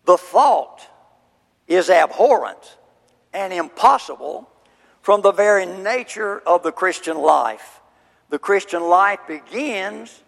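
A man preaching a sermon, expounding scripture slowly and emphatically. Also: sits high, vocal fry, fairly bright tone. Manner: slow, emphatic scripture exposition. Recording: hall reverb.

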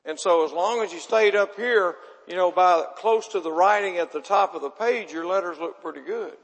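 A man's voice: high voice, normal speed. A man preaching a folksy sermon, chatting with his audience and quizzing them. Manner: chatty, asks the audience questions, self-deprecating. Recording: long hall reverb.

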